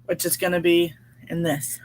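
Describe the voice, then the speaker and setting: A woman hosting a relaxed livestream, chatting with viewers, laughing often and reading their comments aloud. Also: lowish voice, moderate pace. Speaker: livestream host reading chat. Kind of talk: casual live chat.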